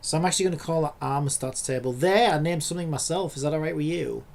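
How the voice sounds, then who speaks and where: A man's voice: fairly high pitch, fast, creaky, a little mellow. A man in a casual coding vlog who swears and rants in exasperation at his screen. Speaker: hobby programmer.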